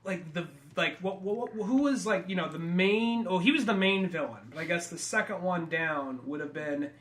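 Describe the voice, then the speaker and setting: A man's voice: high-pitched, moderate pace, fairly bright tone. A man co-hosting a casual comedy podcast, joking, swearing freely and slipping into comic voices. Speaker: podcast co-host.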